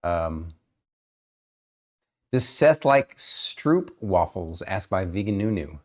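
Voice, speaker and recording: A man with a low voice co-hosts a podcast. He reads out listener questions and chats in a relaxed, easygoing manner. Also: slow. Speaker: podcast co-host. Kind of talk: casual interview chat.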